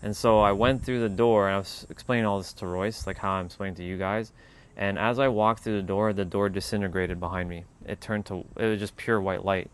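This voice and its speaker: A man hosting a spiritual livestream, telling a personal story in a relaxed, rambling way with lots of "like.". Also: fairly low pitch, a little fast, clean tone.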